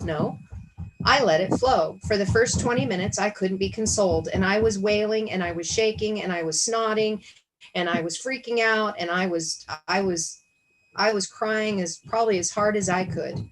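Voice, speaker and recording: A woman's voice: lowish voice, moderate pace, a little hiss or hum, low-quality recording. A woman hosting a spiritual discussion on a video call, talking earnestly and reflectively, often asking herself questions aloud. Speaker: Bible study discussion host. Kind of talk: casual spiritual teaching over a video call.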